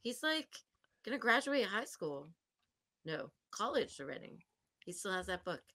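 A woman's voice: mid-range voice, sing-song, unhurried, sharp tone, distant mic. A woman co-hosting a podcast, telling stories in loose, profane casual chat. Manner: profane, chatty, laughs often. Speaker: podcast co-host.

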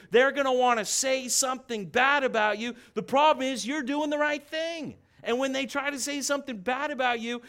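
A male pastor with a notably high voice delivers a fervent sermon. He preaches with emphatic force and repeats his words as he drives each point home. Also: a bit bright. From United States. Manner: passionate, emphatic preaching with repetitions.

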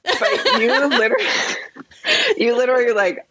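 A woman's voice: fairly high pitch, sing-song, a little fast, a bit bright, no echo. A woman guest in casual interview chat, telling her story animatedly with frequent laughter.

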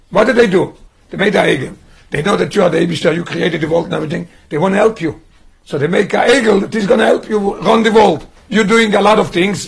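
A man's voice: high voice, gravelly, husky. A man teaching a Torah lesson as a rabbi, asking one rhetorical question after another. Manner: poses rhetorical questions, mixes in Yiddish and Hebrew terms.

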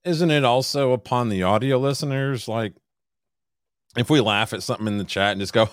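A man's voice: mid-range voice, brisk, dry recording, clean studio sound. A man co-hosting a casual podcast who pushes back bluntly and sarcastically and swears now and then. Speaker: podcast co-host. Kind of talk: casual argumentative podcast banter.

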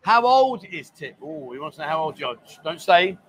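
A man's voice: fairly high pitch, very animated, a little fast, fairly bright tone, slight background noise. A man hosting a casual livestream from a bar, teasing his guest and reading viewer comments aloud. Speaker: bar show host.

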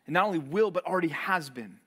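A man's voice: on the high side, lively intonation, quick pace, sharp tone, husky. A man preaching a sermon to college students, telling stories with playful acted asides. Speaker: pastor.

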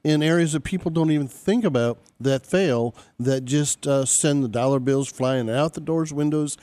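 A man co-hosting a live radio show, throwing in quick quips and laughing easily. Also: fairly high pitch, dark tone, no echo. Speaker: radio co-host. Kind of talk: casual radio chat.

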